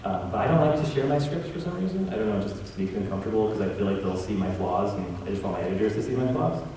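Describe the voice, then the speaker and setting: A man's voice: fairly low pitch, animated, racing, dark tone. A man, a comic book writer, talking casually on a convention panel, rambling and self-deprecating with many restarts. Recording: roomy hall, mic heard from a distance, faint background noise.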